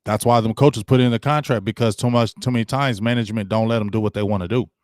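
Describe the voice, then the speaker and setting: A man hosting a casual live-stream sports talk show, animated, acting out quoted coaches and answering viewers. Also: lowish voice, quick pace, no room sound, clean studio sound.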